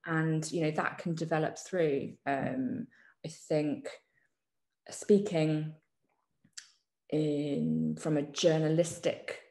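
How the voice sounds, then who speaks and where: A woman journalist answering interview questions in a thoughtful way, often pausing with ums and restarting her sentences. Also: low voice, steady tone, mellow, roomy sound. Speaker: journalist guest. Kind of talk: reflective conversational interview.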